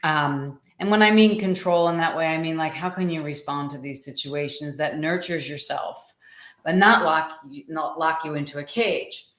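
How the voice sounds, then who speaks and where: A woman's voice: low-pitched, normal speed, fairly bright tone. A woman hosting a casual livestream, chatting to viewers, greeting them by name and often repeating her words. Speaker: livestream host and coach. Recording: echoey room sound.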